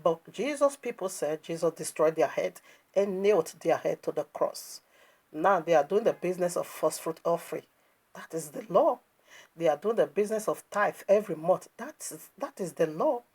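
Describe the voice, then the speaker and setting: A woman preacher delivers a sermon, full of emphatic rhetorical questions and open scorn. Her voice sits on the low side and has a husky, slightly breathy grain. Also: expressive, moderate pace, dark tone. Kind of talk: sermon commentary on a video.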